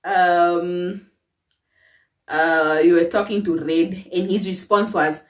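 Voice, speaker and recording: A young woman telling a personal story to her viewers in a casual, expressive way, laughing often. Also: fairly low pitch, slow pace, far from the mic. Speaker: storytime vlogger. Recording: roomy echo, away from the mic.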